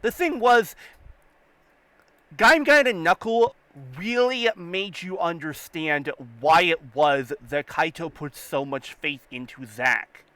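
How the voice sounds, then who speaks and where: A man with a high, bright voice speaking slowly in a casual podcast chat. He hesitates and repeats words as he builds his point. The recording is dry and close. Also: dry recording, poor audio. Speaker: podcast co-host.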